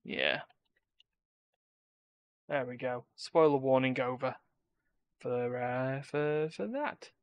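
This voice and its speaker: A man's voice: mid-range voice, slow pace, pauses often, clear, resonant tone, no echo, highs cut off. Dry-voiced man rambling as a podcast host. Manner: rambling and opinionated, lots of restarts. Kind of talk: casual chat.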